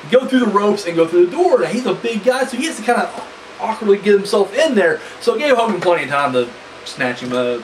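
A man's voice: high voice, fast, recorded from a distance, a little hiss or hum, low-quality recording. A man giving a casual, rambling spoken review of a wrestling match, swearing freely and piling up fillers. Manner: animated, profane and rambling, full of fillers.

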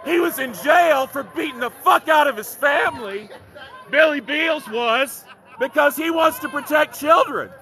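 A man filming on a city street, shouting jeers and accusations at someone across a protest, repeating taunts in a heckling, sarcastic way. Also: very high voice, measured pace. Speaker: activist filming a street confrontation. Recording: street crowd noise around.

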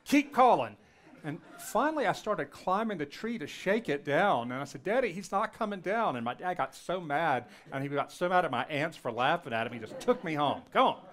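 A middle-aged man from Louisiana giving a storytelling lecture, anecdotal and animated when quoting others, with frequent ums and restarts. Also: fairly high pitch, brisk, few pauses. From Louisiana, US South.

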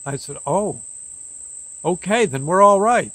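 An older man telling a long story in a halting, rambling way, acting out the dialogue as he goes. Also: high-pitched, animated, sharp tone, dry recording. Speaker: host. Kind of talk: casual storytelling.

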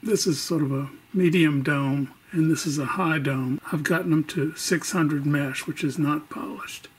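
A man hosting a casual how-to video, talking in a jokey, deliberate way. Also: on the high side, fairly even intonation, slight background noise. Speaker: opal cutter and channel host. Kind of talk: casual instructional vlog.

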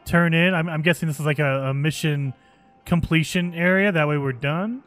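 A man hosting a gaming channel, giving excitable let's play commentary and thinking aloud as he plays. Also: fairly high pitch, moderate pace, soft background music.

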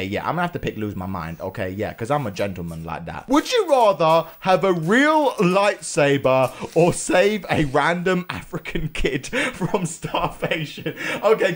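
A young-sounding British man reacting to quiz questions in a loose, chatty way. His voice sits slightly high and swoops through a very wide range. He jumps from mumbled asides to squealing outrage. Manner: chatty, keeps tagging "okay?", bursts into squealing outrage. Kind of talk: casual reaction commentary.

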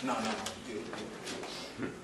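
A man from Detroit giving a live lecture, calling questions out to his audience and playing up the back-and-forth with them. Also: moderate pace. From Detroit, USA. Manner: preachy call-and-response, questions the crowd, playful. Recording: echoey room, distant mic, faint noise.

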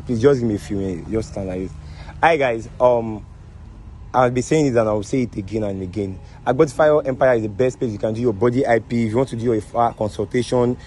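A man's voice: medium pitch, a little mellow, a little hiss or hum, low-quality recording. A man with a Nigerian accent hosting a prank video outdoors, repeating himself in an apologetic, soothing way and laughing often. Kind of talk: casual prank banter.

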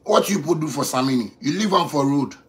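A man in his thirties speaking Ghanaian Pidgin English in a boastful, swaggering off-the-cuff rant. He repeats phrases for emphasis and swings from quiet to loud. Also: a little high, animated, brisk. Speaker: musician addressing critics.

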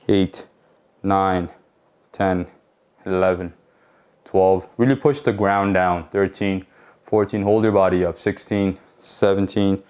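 A man's voice: on the low side, darkish tone. A man coaching a home workout, counting reps aloud and explaining the muscles plainly, now and then out of breath. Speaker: fitness coach.

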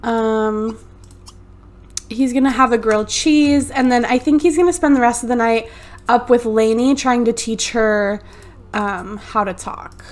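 A woman's voice: a little high, measured pace, darkish tone. A woman hosting a let's play, chatty and narrating each move on a USB desktop mic. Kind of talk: casual gameplay commentary.

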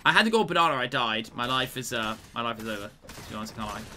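A man's voice: medium pitch, animated, fast talker, very noisy. A man live-streaming a game, chatting with viewers, greeting them and apologizing often. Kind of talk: live gaming stream chat.

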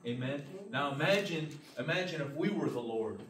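A man's voice: on the high side, expressive, normal speed. A man teaching a church Bible class as pastor, earnest and emphatic, with frequent amens and restarts. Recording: roomy, distant mic, faint hiss.

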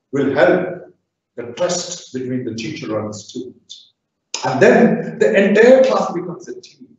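Guy lecturing teachers, animated and pushy, super echoey room, kinda muffled. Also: high-pitched. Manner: lively, exhorting, acts out quick asides. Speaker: professor giving a talk to teachers. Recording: echoey hall, far from mic, dull sound.

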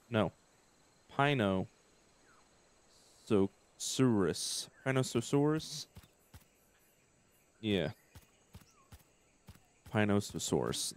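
Slow, low-voiced man thinking aloud. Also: a little hiss or hum. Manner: unhurried, thinking aloud with many hesitations. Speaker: gameplay commentator. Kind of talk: casual let's-play commentary.

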